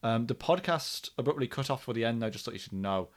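An Australian man co-hosting a podcast, reading listener mail in a relaxed, easygoing way. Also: mid-range voice, quick pace. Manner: relaxed, easygoing, says "mate". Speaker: podcast co-host.

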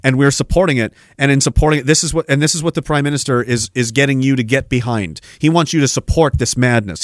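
A man's voice: mid-range voice, no echo, studio quality. A man hosting a podcast, delivering heated, sarcastic political commentary with plenty of swearing. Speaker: podcast host.

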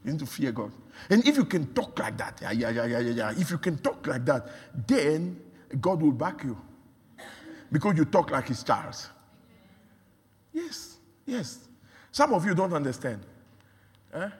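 A man preaching a sermon, repeating phrases and building from quiet talk to shouts. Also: on the high side, very animated, measured pace, long pauses, slightly rough. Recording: long hall reverb.

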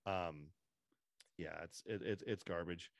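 A man's voice: sits low, takes it slowly, vocal fry, no room sound, studio quality. A man hosting a podcast in casual chat, opinionated and rambling, restarting his sentences often. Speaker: podcast host.

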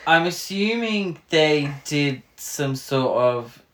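A co-host with a mid-range voice gives wry, sarcastic comments on a film. The talk is relaxed and conversational, and the voice echoes around the room. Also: mid-range voice, slow pace. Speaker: podcast co-host. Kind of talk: casual film recap chat.

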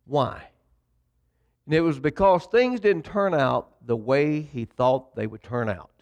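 A man's voice: on the high side, darkish tone. A man preaching a sermon, retelling a story. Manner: storytelling preacher, conversational with dramatic pauses. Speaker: pastor.

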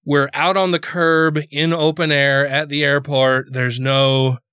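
A man's voice: fairly high pitch, level tone, a little slow, sharp tone, clear, resonant tone, no echo. A man hosting a podcast, telling a rambling story in casual chat, cursing freely and repeating words when worked up. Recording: dull, dry podcast audio.

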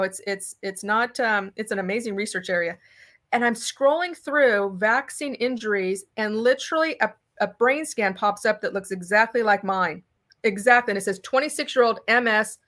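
Animated middle-aged woman telling her story. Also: a little high. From California. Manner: animated, acts out dialogue in quotes. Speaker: political candidate guest. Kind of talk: conversational storytelling interview.

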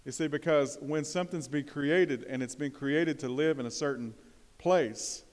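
A man's voice: fairly high pitch, moderate pace, darkish tone. A man preaching a conversational sermon, putting questions to the congregation and pressing points with bursts of emphasis. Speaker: pastor. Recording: long hall reverb.

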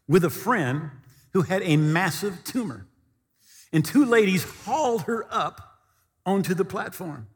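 Male pastor, sermon, lively storytelling with a raised voice, lightly high, long hall reverb. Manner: animated storytelling, shouting quoted lines.

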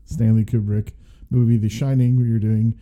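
A man's voice: fairly low pitch, flat delivery, normal speed, highs cut off. A man co-hosting a casual movie review podcast, joking and rambling with many fillers. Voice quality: very dark, mellow voice. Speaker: podcast co-host.

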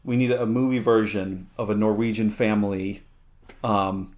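A man's voice: on the low side, fairly even intonation, a little mellow. A man co-hosting a podcast in casual chat, rambling with lots of fillers and restarts. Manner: rambling, halting, many fillers and restarts, laughs often. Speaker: podcast co-host.

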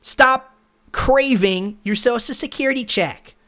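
A man's voice: very high voice, measured pace, sharp tone. A man hosting a podcast, talking alone in a blunt, lecturing, combative way. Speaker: podcast host. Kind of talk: solo opinion monologue.

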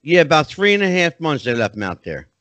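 A male podcast host talks in an animated, chatty way, with his voice swinging up and down as he leans into his asides. It sits slightly high and sounds close and dry, with no room around it. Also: fast talker, no echo. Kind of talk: casual interview chat.

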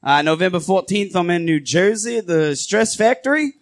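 Comic guest, male, high and animated voice, rambling bravado, live show banter. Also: normal speed. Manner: rambling, laughing, mock Asgardian bravado. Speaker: comedian guest. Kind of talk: improvised comedy banter. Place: live comedy show before an audience.

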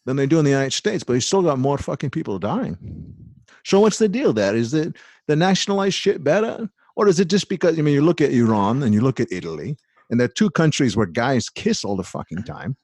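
Guy doing a crusty old movie star, gravelly and husky, rambling and swearing a lot, dry close sound. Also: medium pitch, very animated, fairly quick, darkish tone, no room sound. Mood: rambling, crude. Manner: rambling, profane, unfiltered rants. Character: crude, boastful aging male film star, older. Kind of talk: comedic impression in a podcast chat.

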